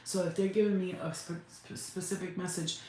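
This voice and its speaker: Woman, psychic medium, low-pitched voice, halting and repetitive, emotional and near tears, faint background noise. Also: steady tone, darkish tone, heavy reverb. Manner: halting, repetitive, restarts words. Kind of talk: live spirit channeling session.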